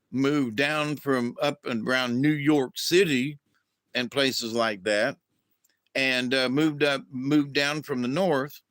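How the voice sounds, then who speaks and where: Man from the American South hosting a casual livestream, unhurried and rambling, dry close sound. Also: medium pitch, bright, forceful tone, dry recording. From southern United States. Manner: drawn-out, rambling, with restarts and acted-out quotes. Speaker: livestream host.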